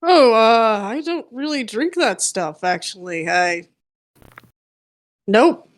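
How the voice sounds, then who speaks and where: A woman's voice: a little high, expressive, slow pace. A woman playing a tabletop role-playing game over an online call, giggly and playful. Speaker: player. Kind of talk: casual tabletop role-play.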